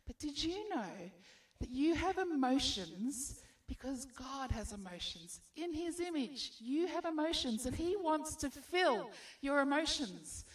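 A woman preaches to a congregation, posing rhetorical questions and encouraging her listeners. Her voice sits fairly high. She is recorded from a distance in a church. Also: very animated, measured pace, few pauses. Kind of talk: sermon.

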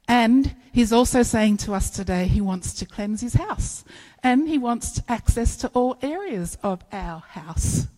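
A woman preaching a sermon, telling stories in an animated way and acting out playful bits of dialogue. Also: a little high, measured pace, few pauses, low-quality recording.

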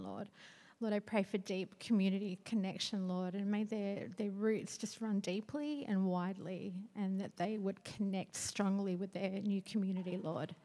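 A woman's voice: medium pitch, mellow. A woman praying aloud, repeating "Lord" between earnest phrases. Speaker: congregation member praying. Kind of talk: spoken prayer.

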